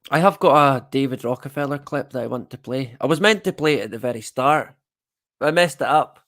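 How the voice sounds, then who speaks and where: A man's voice: medium pitch, brisk, a bit bright. A Scottish man hosting a livestream, chatting casually to viewers with self-deprecating, rambling asides. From Scotland. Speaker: livestream host.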